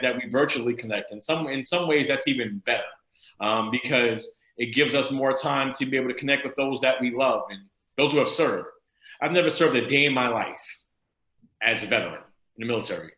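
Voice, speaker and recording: A man's voice: mid-range voice, sharp tone, reverberant, rough recording. A man from the Bronx, a state senator, giving a rousing, preacher-like speech over a video call. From the Bronx, New York. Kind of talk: speech to a virtual event.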